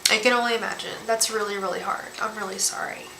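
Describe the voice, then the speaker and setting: A woman reading tarot cards on a live stream, talking gently and emotionally, often repeating and restarting her words. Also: mid-range voice, fairly even intonation, fast, creaky. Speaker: tarot reader and psychic medium. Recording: echoey room with faint background hiss.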